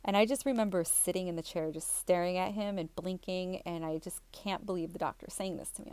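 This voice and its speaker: Woman with a low voice, chatty storytelling. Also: brisk, darkish tone, dry recording. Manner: chatty, rambling, with fillers and restarts. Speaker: spiritual vlogger. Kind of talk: casual storytelling to viewers.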